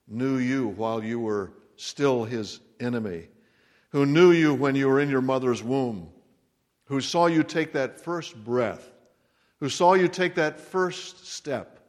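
Slow-preaching man in a reverberant hall. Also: medium pitch. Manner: slow, dramatic preaching that swells to emphatic peaks. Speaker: pastor. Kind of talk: Christmas sermon. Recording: long reverb of a large hall.

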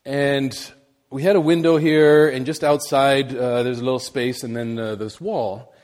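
A middle-aged man preaching, telling a personal story in a halting, animated way with many repeated words. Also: mid-range voice. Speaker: missionary preacher.

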